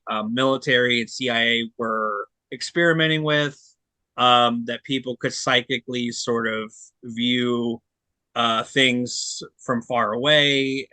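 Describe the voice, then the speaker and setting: Male podcast co-host, forceful bright tone, dry close sound; casual and blunt, rambles with fillers. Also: medium pitch, no room sound. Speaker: podcast co-host reviewing disc releases. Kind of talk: casual chat.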